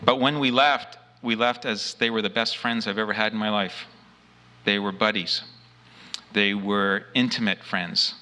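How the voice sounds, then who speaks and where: A man with a low-set voice and a bright, cutting edge to it tells his own story earnestly and with force. He leans into the key words and slips into the lines he spoke back then. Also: steady tone, measured pace. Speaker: abduction experiencer. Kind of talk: first-person testimony.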